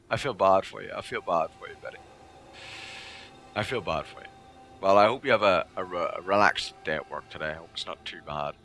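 A man's voice: lowish voice, a little fast, vocal fry, bright, forceful tone. A man streaming a game live, chatting casually with his viewers in a rambling way that repeats itself.

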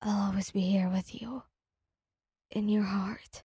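A woman voicing a gravely wounded young hero in a faint, barely audible whisper for a whispered role-play. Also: medium pitch, steady tone, slow pace, dark tone, dry recording, studio quality. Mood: tender.

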